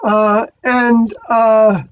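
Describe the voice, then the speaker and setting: Halting, self-correcting spiritual speaker, mid-pitched voice, muffled lo-fi audio. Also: level tone, clean tone. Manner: halting, many fillers and restarts, self-correcting. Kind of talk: rambling spiritual monologue. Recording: dull lo-fi recording.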